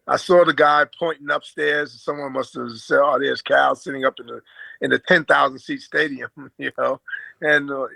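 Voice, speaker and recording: Older man with a gravelly voice. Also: medium pitch, no room sound, low-quality recording. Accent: American with a slight Australian twang. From Brooklyn, New York. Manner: relaxed and chatty, with many fillers and chuckles. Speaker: guest, former basketball player. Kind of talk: casual storytelling in an interview.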